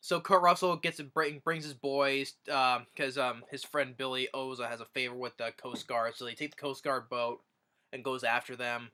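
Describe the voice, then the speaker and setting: A man's voice: mid-range voice, flat delivery, moderate pace, bright, forceful tone, clear, resonant tone. A man casually retelling a movie's plot as a reviewer, rambling with many restarts. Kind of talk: casual film review recap.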